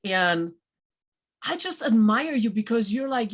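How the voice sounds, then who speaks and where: Lady hosting a talk show, super animated, jumps into little voices when she quotes people. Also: on the high side, a little slow. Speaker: podcast host. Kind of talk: casual motivational chat.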